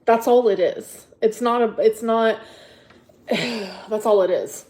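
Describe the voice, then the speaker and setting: A woman ranting to her livestream chat, defensive and exasperated, throwing the same rhetorical question again and again. Her voice sits a bit high but sounds mellow and soft-edged, and she swears often. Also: slow, a little hiss or hum. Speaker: livestream host.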